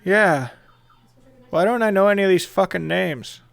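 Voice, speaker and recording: Male game master, a bit high-pitched, loose and playful, with frequent cursing, recorded dry. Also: normal speed, vocal fry, no echo, soft background music. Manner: casual, swears freely, playful. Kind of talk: running a tabletop game.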